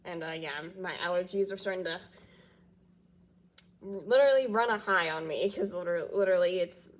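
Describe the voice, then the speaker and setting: A woman's voice: on the low side, normal speed. A woman talking casually in a fan reaction vlog, congested and a bit nasal, rambling with lots of fillers and frequent giggles. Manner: rambling, with frequent fillers and loops back on itself; giggles often between thoughts. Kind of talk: casual chat reacting to TV news.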